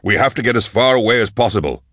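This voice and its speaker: A man's voice: fairly low pitch, lively intonation, quick pace, fairly bright tone, dry recording, clean studio sound. A man voicing a grim, commanding male inquisitor who speaks in terse, barked commands.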